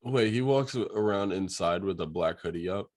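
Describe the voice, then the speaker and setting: A man's voice: low voice, normal speed, a little mellow, dry recording, clean studio sound. A man co-hosting a podcast, chatting casually and reacting with interjections and laughter. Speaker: podcast co-host. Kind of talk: casual chat.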